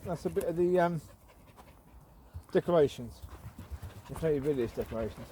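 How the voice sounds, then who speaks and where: Lively high-voiced man calling his dogs. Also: normal speed, pauses often, a little hiss or hum. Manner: chatty, calls out sharp commands to his dogs; coos affectionately at dogs and puppies. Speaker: vlogger walking his dogs. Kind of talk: casual walk-and-talk chat. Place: outdoors in a village.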